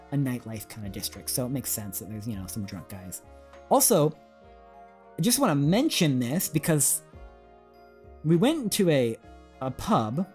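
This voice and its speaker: A man's voice: medium pitch, a little mellow. A man streaming, casually telling a rambling story with many fillers and chuckles. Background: faint music.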